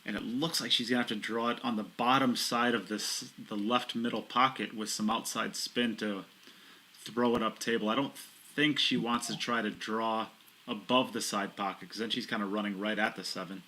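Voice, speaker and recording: A man's voice: lowish voice, fairly even intonation, moderate pace, pushed and bright, low-quality recording. A man doing live pool commentary from a commentary booth, chatty and self-mocking, explaining the shots in detail.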